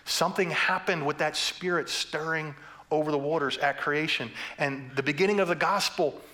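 A man's voice: on the high side, normal speed, sharp tone. A man preaching a sermon as pastor, passionate and building to fervent emphasis, with playful humor between points.

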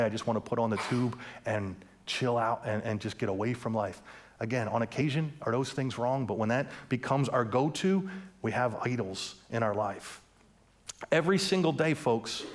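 A man preaching a sermon, asking the congregation questions and mixing in light humor. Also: mid-range voice. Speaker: pastor.

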